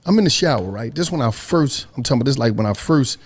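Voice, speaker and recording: A young man telling a comedic story in casual chat, animated and acting out his own past voice. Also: medium pitch, fast, slight background noise. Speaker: storyteller on a podcast panel.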